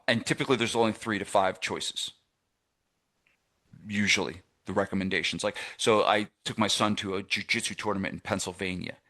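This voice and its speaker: Man, middle-aged, from New Jersey, low voice, casual rambling coaching talk, lots of fillers. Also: fairly bright tone. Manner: rambling and conversational, with many fillers and restarts. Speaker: fitness business coach. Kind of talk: live masterclass coaching.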